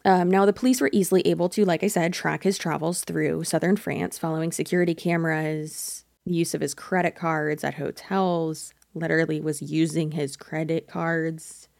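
A woman's voice: low-pitched, fairly even intonation, normal speed, creaky, hardly any pauses, a little mellow, dry recording, studio quality. A young adult woman hosting a true crime podcast, talking casually and speculating, often stopping to correct herself. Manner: chatty, speculative, self-correcting.

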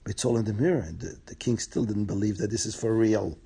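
Man telling an old story, gravelly low voice, keeps explaining stuff. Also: quick pace, dark tone. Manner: plain, repetitive, explaining to listeners. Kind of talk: oral folk tale storytelling.

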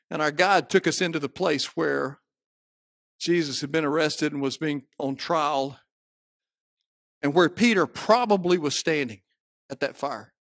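A man with a Southern US accent preaching a sermon, moving from quiet storytelling to shouted peaks. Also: on the high side, no echo, studio quality. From Southern United States. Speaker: pastor.

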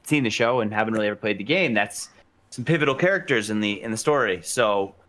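A young man co-hosting a podcast in casual chat, animated and jokey. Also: lowish voice, fast. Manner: animated, jokey, quotes scenes in character voices. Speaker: podcast co-host.

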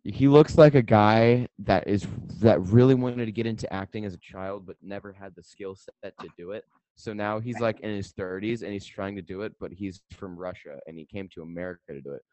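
A man's voice: lowish voice, brisk, mellow, dry recording, lo-fi sound. A young man co-hosting a podcast in casual banter, often stammering and restarting his sentences. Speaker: podcast co-host.

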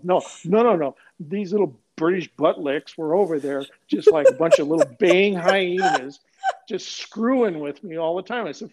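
A man's voice: high-pitched, expressive, moderate pace, darkish tone, poor audio. An older man, a retired police sergeant, telling stories bluntly and with profanity in an interview. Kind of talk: animated storytelling interview.

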